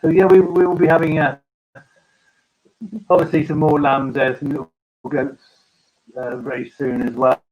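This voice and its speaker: A man, a farmer, hosting a casual live-stream chat, talking haltingly with many ums and restarts. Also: on the high side, little pitch movement, a little mellow, poor audio.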